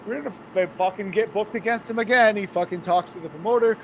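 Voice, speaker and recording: High-voiced man telling profane war stories. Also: quick pace, a little hiss or hum, poor audio. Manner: profane, animated anecdote-telling with frequent swearing. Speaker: former pro wrestler, podcast guest. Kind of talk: casual storytelling chat.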